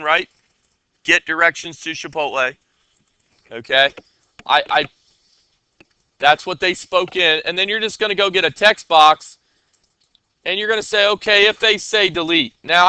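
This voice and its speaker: A man with a very bright, clear voice teaches a coding class in a casual way. He keeps checking that the students are with him. The sound is dry and close. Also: fairly high pitch, no echo.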